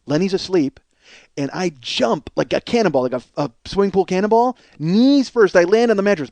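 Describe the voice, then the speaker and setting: A man in his forties hosting a podcast, telling a comic story from his childhood in an animated, profane way. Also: brisk, gravelly, no echo. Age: 40s. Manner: animated, profane, acts out voices with big pitch swings. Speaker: podcast host.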